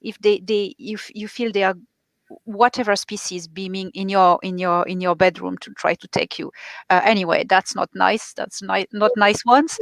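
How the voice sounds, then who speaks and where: A woman's voice: mid-range voice, steady tone, moderate pace, vocal fry, a bit bright, dry recording, rough recording. A woman hosting a conversational interview, giving firm, emphatic advice. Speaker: host.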